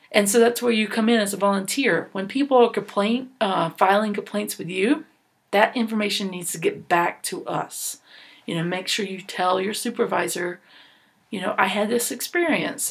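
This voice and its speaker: A woman's voice: mid-range voice, vocal fry, breathy edge. A woman presenting a training session for volunteers, earnest and instructive, with a few fillers and restarts.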